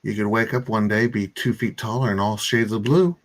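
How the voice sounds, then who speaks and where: A man's voice: fairly low pitch, brisk. A man playing in a tabletop game, giving his character's wry lines and laughing. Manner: wry, laughing, lively delivery. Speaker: player.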